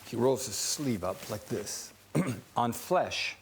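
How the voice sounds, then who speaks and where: A man's voice: mid-range voice, expressive, takes it slowly, a little hiss or hum. A man telling a rambling, enthusiastic anecdote as a talk show guest. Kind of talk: comic anecdote.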